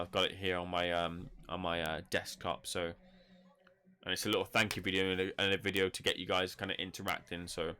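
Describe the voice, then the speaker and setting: A man with a lowish voice, hosting a live fight-reaction stream. He talks in a chatty, rambling way and sounds bright and forceful. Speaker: boxing channel host.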